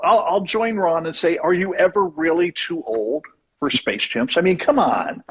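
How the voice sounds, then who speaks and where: A man's voice: high-pitched, sing-song, moderate pace, fairly bright tone, husky. A man hosting a radio interview in a chummy, effusive way, asking friendly questions. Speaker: radio show host. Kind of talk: casual interview chat.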